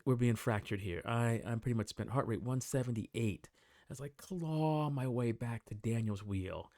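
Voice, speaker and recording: Male cyclist narrating his own ride footage, easygoing play-by-play, mellow voice, dry close mic. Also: on the low side, no room sound. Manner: relaxed, conversational play-by-play with small restarts. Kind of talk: casual recorded voice-over commentary. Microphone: desktop voice-over mic.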